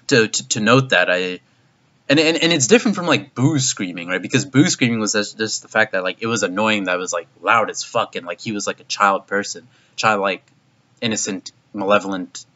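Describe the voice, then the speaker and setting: A man with a lowish, slightly bright voice casually reviews an anime episode, rambling with lots of fillers, heavy use of "like," and swearing. His voice jumps up in disbelief, and the recording is dull and lo-fi.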